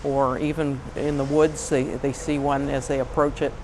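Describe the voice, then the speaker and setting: A man's voice: medium pitch, level tone, normal speed, a little mellow, a little hiss or hum, rough recording. A man in a documentary interview speaking in a plain, matter-of-fact way.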